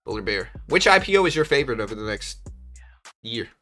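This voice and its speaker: A man's voice: medium pitch, fairly quick, soft background music. A young man hosting a live trading stream, chatting casually and slangily with his audience and reading their comments aloud. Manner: chatty, slangy, reads chat aloud, animated when joking. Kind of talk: casual livestream chat.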